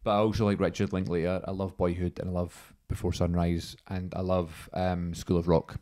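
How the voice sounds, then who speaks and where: A man's voice: deep voice, level tone, dark tone. A man hosting a casual podcast, upbeat and leading the talk. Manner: quick, upbeat, leads the talk. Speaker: podcast host. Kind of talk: casual chat.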